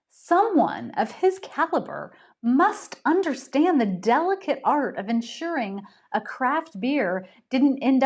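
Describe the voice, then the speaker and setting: Chatty woman reading her mystery aloud. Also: on the high side. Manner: encouraging, chatty, dramatic pauses in narration. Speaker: author reading her story. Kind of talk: casual chat and storytelling read-aloud.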